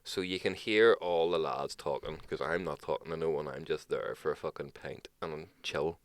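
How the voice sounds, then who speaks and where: A man's voice: rumbling low, normal speed, no echo. A young man, co-hosting a podcast and telling a story in casual chat, swearing freely and acting out what others said. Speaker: podcast co-host.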